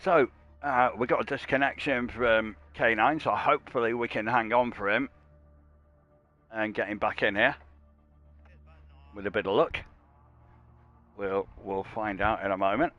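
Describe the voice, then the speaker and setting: A man's voice: unhurried, pauses often, dull audio, faint music behind. Chatty man calling a sim race. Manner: chatty and jokey, with rambling asides; gets louder and higher at race starts. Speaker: sim racing commentator and stream host. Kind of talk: live esports race commentary.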